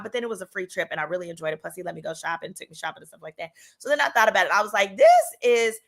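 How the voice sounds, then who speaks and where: A woman's voice: fairly low pitch, expressive, very fast, vocal fry, few pauses, a bit bright. A woman attorney and host telling a personal story in a casual, sassy way, jumping into voices for the people she quotes.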